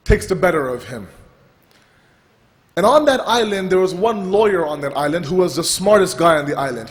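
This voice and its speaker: A man with a notably high-pitched voice tells a parable during a sermon. His delivery is animated and full of restarts. The sound rings with the long reverb of a large hall. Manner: animated storytelling with repeated restarts. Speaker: religious speaker. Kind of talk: sermon storytelling.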